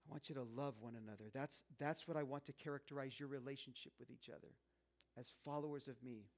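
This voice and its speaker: A man's voice: medium pitch, fairly even intonation, fast, natural voice. A man voicing Jesus in a sermon retelling, talking to his disciples in a conversational, coaxing way and urging them over and over to remember. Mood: pleading, fond. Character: Jesus, earnest male teacher pleading with his disciples.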